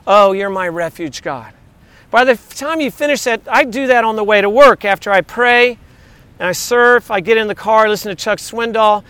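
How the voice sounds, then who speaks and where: Middle-aged male pastor, high smooth tenor, animated sermon with sung lyric snippets. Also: no echo. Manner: animated, sings along and speaks lyrics.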